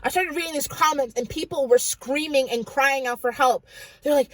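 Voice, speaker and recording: A woman's voice: high voice, fairly quick, no echo, poor audio. A woman hosting her own video, recounting a vivid dream in an urgent, fervent way, her voice at times breaking into tears. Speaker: Christian video host. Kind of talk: emotional personal storytelling.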